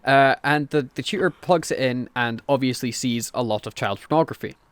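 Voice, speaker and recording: Sweary, animated male podcast co-host. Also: mid-range voice, fairly quick, smooth, dry recording. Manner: animated, sweary, acts out quotes. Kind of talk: casual chat recapping a TV show.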